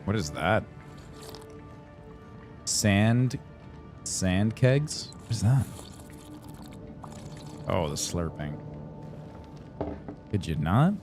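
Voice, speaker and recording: A man's voice: deep voice, expressive, very slow, pauses often, over music. A young man streaming a game live, rambling and joking about what's on screen with sing-song asides. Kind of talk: live gameplay commentary.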